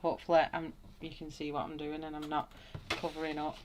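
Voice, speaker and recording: Hosting a live colouring tutorial, a woman thinks aloud while working, greets viewers in the chat, and laughs often. Her deep voice is delivered completely flat at a fairly quick pace, over a noisy background.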